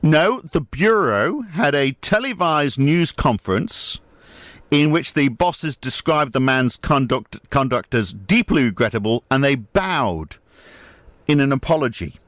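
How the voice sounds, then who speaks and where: A man's voice: medium pitch, expressive, unhurried, fairly bright tone, dry recording. A man hosting a late-night radio show, chatting casually in a wry, joking way into a studio mic. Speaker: radio host.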